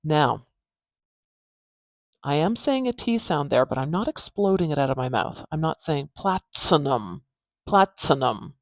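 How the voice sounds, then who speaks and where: A phonetics teacher giving a pronunciation lesson, repeating words slowly to demonstrate each sound, with pauses and fillers. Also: medium pitch, animated, no room sound.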